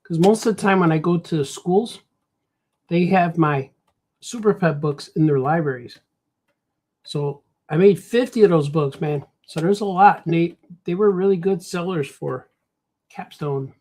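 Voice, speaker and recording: A man's voice: fairly high pitch, unhurried, darkish tone. Chatty Chicago man narrating his own drawing on a stream, easygoing and rambling. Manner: rambling, talks to himself, says "man" a lot. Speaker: cartoonist streaming while drawing. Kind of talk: casual livestream chat while drawing.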